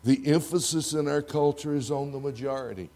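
Dramatic older Texan preacher. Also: male voice, on the high side, fairly even intonation, fairly quick. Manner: dramatic, swinging from loud to hushed. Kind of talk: sermon. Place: church before a congregation.

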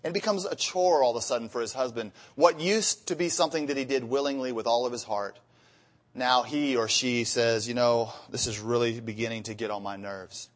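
A man preaching on marriage to his congregation, his voice at an ordinary middle pitch. He tells humorous stories about married life, then reads scripture with rising emphasis. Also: fairly quick. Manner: storytelling with acted-out marital dialogue. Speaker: pastor. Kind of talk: sermon.

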